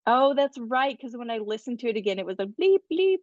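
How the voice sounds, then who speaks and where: A woman with a Midwestern American accent, a podcast guest who chats quickly, laughs often, and drifts into asides. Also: on the high side, big pitch swings, dry recording, muffled recording. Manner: chatty, giggly, quick asides. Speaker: guest scientist. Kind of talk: casual chat.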